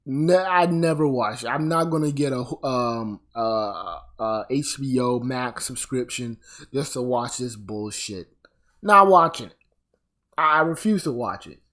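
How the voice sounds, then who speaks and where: Guy ranting on his channel, slow and fed up, cussing a lot, middle pitched voice. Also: fairly bright tone. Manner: blunt, heated, profane; exasperated and weary. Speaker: commentary vlogger. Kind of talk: solo commentary rant.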